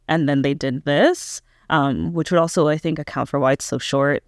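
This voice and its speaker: A woman's voice: deep voice, steady tone, normal speed, hardly any pauses, no echo, clean studio sound. A young woman giving a casual, candid reaction review of a pop album, hesitant and full of "um" and "like" as she thinks aloud. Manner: candid, self-questioning critique.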